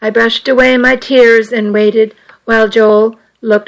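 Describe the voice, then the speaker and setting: A woman softly narrating a first-person romance story in an intimate reading voice. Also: a little high, level tone, a little slow, creaky, low-quality recording.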